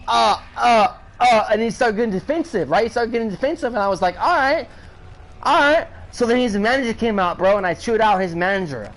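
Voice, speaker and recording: On a rough recording, a high-voiced male gaming streamer tells a long, profane story in casual slang while he plays. He keeps repeating himself and grows more heated as it goes on.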